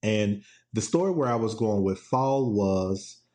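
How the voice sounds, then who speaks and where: A man's voice: on the low side, expressive, unhurried, a little mellow. Playful man, solo podcast chat. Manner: playful, laughs often, quotes TV clips in put-on voices. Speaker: podcast host. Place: home.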